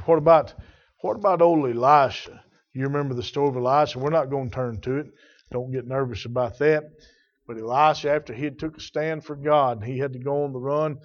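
A man preaching a Baptist sermon, telling stories in a folksy way that drops to a hush and rises to a shout. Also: fairly even intonation, brisk. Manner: folksy storytelling, swinging from hushed to booming. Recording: dull lo-fi recording.

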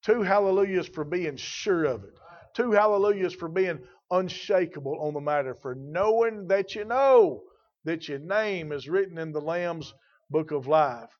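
Male preacher, fairly high voice, emphatic sermon delivery with slow stressed readings, muffled lo-fi sound. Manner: emphatic preaching, slows to stress scripture, repeats phrases.

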